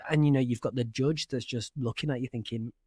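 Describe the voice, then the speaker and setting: A man's voice: medium pitch, fairly even intonation, a little fast, darkish tone, slightly rough, no room sound, studio quality. A British man, a podcast guest, recounting his time on a game show in candid, storytelling fashion. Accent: British English. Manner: candid storytelling, dramatic retelling with asides. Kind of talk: casual interview chat.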